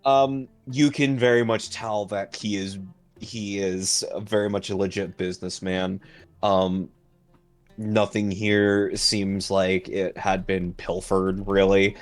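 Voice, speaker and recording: A man running a tabletop game as game master, describing scenes with frequent pauses and fillers. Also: fairly low pitch, flat delivery, soft background music. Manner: halting, filler-heavy description.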